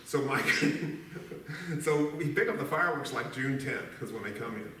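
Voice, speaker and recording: A man's voice: medium pitch, expressive, a little slow, sharp tone, distant mic, a little hiss or hum. A middle-aged man telling a rambling, folksy story at a memorial service, laughing as he goes. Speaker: eulogy speaker. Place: church hall. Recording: echoey church hall from afar.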